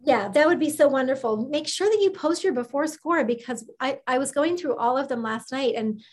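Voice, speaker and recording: A woman's voice: sits high, expressive, brisk. A middle-aged woman hosting a live health program on a video call, reading participants' comments aloud with effusive praise. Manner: effusive and gushing, sends kisses.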